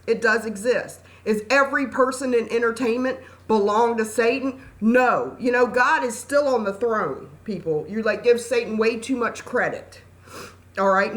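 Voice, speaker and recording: Middle-aged woman, channel host, fairly high voice, emphatic and preachy, scolds the audience. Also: fairly bright tone. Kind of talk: impassioned talk to camera.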